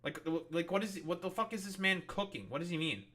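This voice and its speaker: A man's voice: high-pitched, expressive, a little fast, a bit bright. A young man doing live-stream commentary, ranting in an exasperated, profane way with mocking, sarcastic asides.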